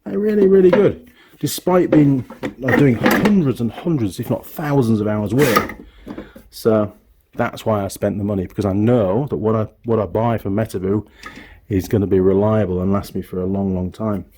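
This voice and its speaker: A fairly low, darkish male voice at normal speed, with a little hiss or hum on the recording. The speaker is a middle-aged British mechanic and workshop YouTuber chatting through a casual tool tour in his home workshop, rambling and fixing his own slips.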